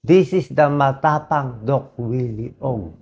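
Hoarse, slow-talking Filipino man. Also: mid-range voice, darkish tone. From Philippines. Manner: slow, pleading, mixes English and Tagalog. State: hoarse, voice dried out. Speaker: doctor. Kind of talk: emotional personal vlog monologue.

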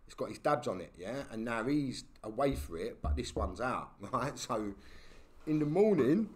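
This podcast guest, a man with a London accent, narrates a story with lots of slang and repeated "yeah?" check-ins. He's very animated, with a medium-pitched, slightly mellow voice at normal speed.

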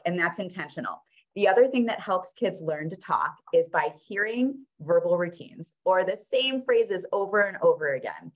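A woman presenting her children's book, reading it aloud in a playful, sing-song way. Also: fairly low pitch.

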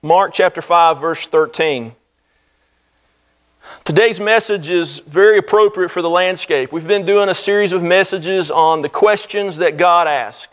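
High-voiced man preaching a sermon. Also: a little slow, a bit bright. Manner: earnest preaching with swelling emphasis. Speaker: pastor. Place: church sanctuary.

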